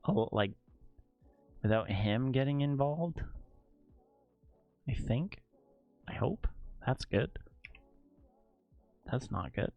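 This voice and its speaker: A man's voice: medium pitch, animated, slow pace, gravelly, pauses often, narrow, tinny audio, faint music behind. A man streaming, chatting casually while editing photos, joking and laughing often.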